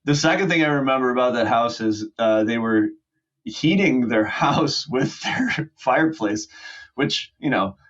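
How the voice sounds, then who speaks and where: A man's voice: mid-range voice, lively intonation, measured pace, a bit bright. A man in his forties, a podcast guest, telling a long story with fillers and restarts and acting out what people said. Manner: rambling with fillers and restarts, acts out quotes. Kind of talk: casual storytelling. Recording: muffled lo-fi audio.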